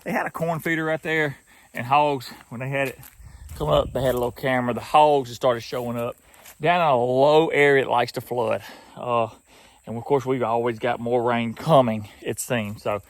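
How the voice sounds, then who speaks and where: A man's voice: mid-range voice, steady tone, normal speed. A man with a Southern US accent, chatting folksily outdoors in a field while narrating his hog trapping vlog. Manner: folksy, chatty, laughs often.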